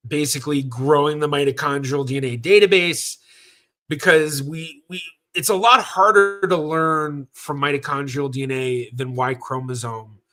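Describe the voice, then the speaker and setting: A man from Southern California hosts a genealogy livestream, answering viewer questions casually and rambling with fillers and self-corrections. His voice is medium-pitched, pushed and bright.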